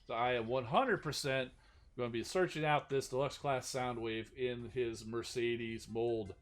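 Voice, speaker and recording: A man's voice: medium pitch, steady tone, measured pace. A man hosting a live stream, chatting casually about toy news and reading out chat questions, rambling with many restarts. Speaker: stream host.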